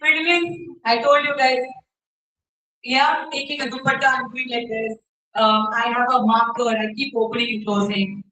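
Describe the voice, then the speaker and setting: A woman with an Indian English accent giving an interactive workshop to students as a soft skills trainer, often checking in with the audience and demonstrating gestures. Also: fairly high pitch, fairly even intonation, moderate pace. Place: university hall. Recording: roomy hall, mic far off.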